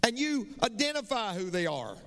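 A man's voice: sits high, big pitch swings, normal speed, fairly bright tone. A middle-aged man, preaching a sermon as pastor with emphatic, repetitive phrasing in a large church sanctuary. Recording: long reverb of a large church hall.

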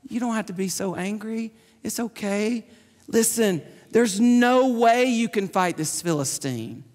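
A man's voice: high voice, expressive, unhurried, darkish tone, voice pushed down. A man voicing a patronizing king who talks down to a boy, soothing and condescending. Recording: long hall reverb.

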